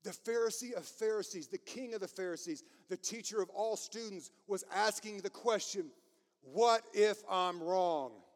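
A man delivers a sermon with passion and heavy emphasis, pushing his points hard and now and then laughing at himself. His voice sits high for a man. The sound carries a long reverb, as in a large church hall. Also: moderate pace, hardly any pauses. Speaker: preacher.

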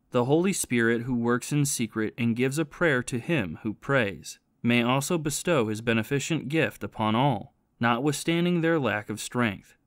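A man reading the part of a learned male scholar in an audiobook, earnest and measured as he teaches about prayer. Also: mid-range voice, no room sound, clean studio sound, close to an everyday voice. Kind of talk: audiobook reading of a spiritual classic.

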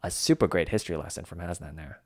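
A man co-hosting a language lesson podcast, explaining words casually with relaxed, musing asides. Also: low-pitched, fast talker, dry recording, studio quality. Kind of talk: casual teaching banter.

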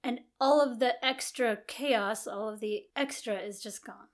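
A woman's voice: a little high, a little slow. A woman co-hosting a casual marriage podcast, talking things through in long, thoughtful, musing sentences. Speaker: podcast co-host. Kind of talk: casual chat.

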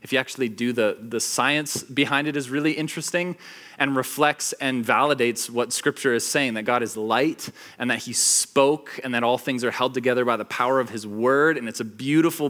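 A man giving a casual sermon to a small group, telling a story with lots of fillers and acting out the quotes. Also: medium pitch. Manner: animated storytelling, acts out quotes, many fillers. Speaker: pastor.

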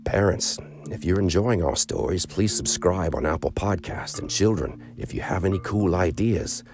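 A man reads a children's story aloud at a moderate pace, narrating calmly and raising his pitch for the quoted characters.

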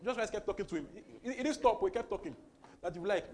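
A man preaching a sermon, emphatic, repeating words and swinging between loud and soft. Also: high voice, animated, fast talker. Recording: faint background noise.

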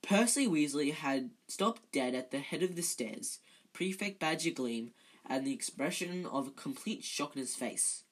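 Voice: mid-range voice, lively intonation, measured pace, slightly rough, low-quality recording. A reader narrating a novel aloud in an amateur way, often stumbling and correcting themselves.

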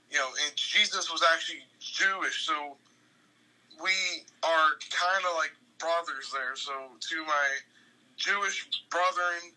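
A young man co-hosting a casual podcast, talking haltingly with many restarts and fillers, and sounding enthusiastic. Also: fairly high pitch, pushed and bright, poor audio. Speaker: podcast co-host.

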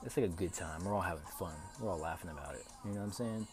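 A young man hosting a podcast, telling a story in a casual, profane, animated way with lots of fillers. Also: low-pitched, very fast, over music. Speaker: podcast host.

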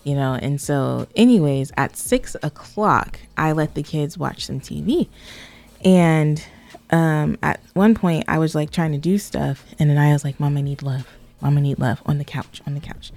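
A woman's voice: sits low, measured pace, gravelly, darkish tone. A woman co-hosting a podcast, chatting casually and telling stories with many "like" fillers. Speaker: podcast co-host. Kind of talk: casual chat.

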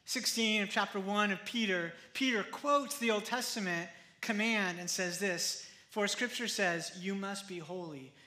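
A man pastor preaching a sermon in a conversational, animated way, often acting out the quotes. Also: high-pitched, a little slow, hardly any pauses, echoey room.

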